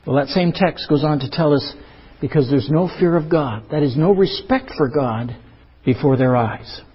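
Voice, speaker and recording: High-voiced husky male preacher, echoing hall. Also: moderate pace. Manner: earnest, rhetorical questions, emphatic repetition. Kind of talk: sermon. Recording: dull lo-fi recording with long hall reverb.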